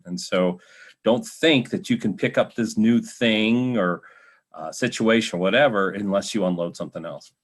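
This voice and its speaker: A man with a fairly low voice hosts a casual interview, easygoing and relaxed. He chats loosely and lets his sentences trail off. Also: moderate pace. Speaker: show host.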